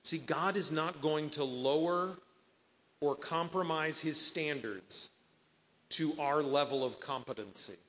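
A male pastor delivers an earnest sermon, quoting scripture and acting out the people in his stories. His voice sits a little high for a man and rings with the long reverb of a big hall. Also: takes it slowly, fairly bright tone. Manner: earnest preaching, quoting scripture and voicing imagined speakers.

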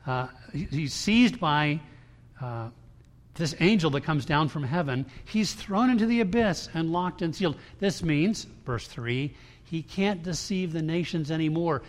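A man's voice: fairly high pitch, expressive, measured pace. A man preaching a sermon to his congregation in a conversational style, with frequent restarts and emphatic quoted lines. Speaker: pastor. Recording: long hall reverb.

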